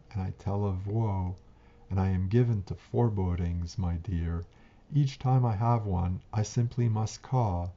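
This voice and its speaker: Brooding ancient crone voiced by a male reader, low, mumbling and ominous, storybook reading. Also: warm tone. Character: ancient woman, brooding, foreboding, croaking like a crow. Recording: dull lo-fi recording.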